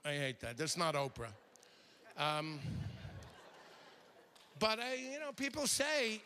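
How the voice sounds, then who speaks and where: An older man works a stand-up set on a stage mic, his voice high and bright. He talks in animated bursts and drops into brief character impressions, with a faint hum of the room behind him. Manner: animated, mimics characters in quick asides. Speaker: stand-up comedian. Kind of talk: stand-up routine. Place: theater stage before a live audience.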